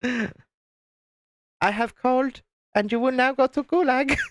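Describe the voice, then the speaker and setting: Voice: high voice, measured pace, a little hiss or hum. The host voicing a stern female teacher in military garb, speaking in mock-menacing officialese.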